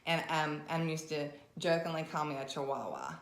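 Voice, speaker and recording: Woman, Southern US accent, low voice, reflective, candid chat, roomy echo. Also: expressive, moderate pace. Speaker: podcast co-host. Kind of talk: casual conversation.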